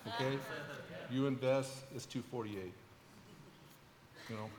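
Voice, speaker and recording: A middle-aged man giving a testimony at a church service, speaking haltingly with many restarts and fillers. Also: mid-range voice, heavy background noise. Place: large church hall. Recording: echoey church hall with long reverb.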